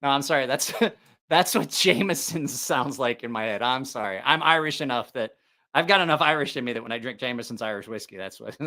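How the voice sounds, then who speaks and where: A man's voice: medium pitch, expressive, fairly quick, pushed and bright. A middle-aged man hosting a casual livestream, rambling with lots of fillers and restarts. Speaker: knife channel host.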